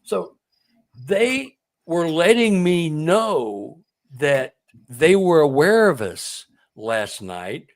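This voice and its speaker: A man's voice: on the high side, extremely slow. Emotional man telling a personal story. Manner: emotional, excitable, repeats words when moved. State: close to tears. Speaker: author and guest. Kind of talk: conversational storytelling.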